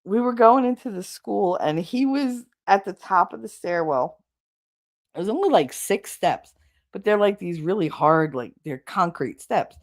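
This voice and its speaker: A woman's voice: mid-range voice, animated, measured pace. A woman live streamer in casual chat with viewers, telling stories animatedly, laughing often and swearing freely, punchy from lack of sleep.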